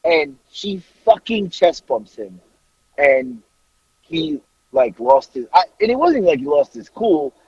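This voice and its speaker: Husky guy telling a crazy story, voice jumping all over, cussing a lot. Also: on the high side, takes it slowly, dry recording. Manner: animated, swears freely, laughs through the story. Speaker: podcast co-host. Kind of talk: casual storytelling. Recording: dry, slightly dull recording.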